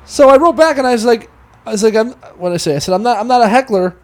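Fast-talking, high-voiced man telling a rambling story. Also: expressive. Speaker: podcast host. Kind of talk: casual chat.

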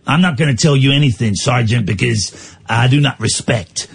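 Comic radio bit: man doing a husky, sneering gangster heavy, low and slow. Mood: defiant. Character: menacing male gangster henchman, defiant and threatening. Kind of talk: comic improvised role-play on radio.

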